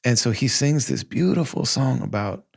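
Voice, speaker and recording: A man in his forties, hosting a podcast and telling a personal story in a casual, heartfelt way, often quoting himself in lively asides. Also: medium pitch, moderate pace, gravelly. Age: 40s. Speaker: podcast host.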